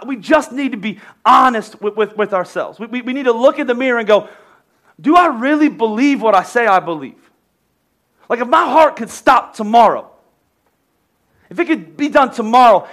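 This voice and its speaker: A man preaching a sermon as pastor, emphatic, dropping quiet then rising to shouts, often repeating words as he starts a sentence. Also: sits high.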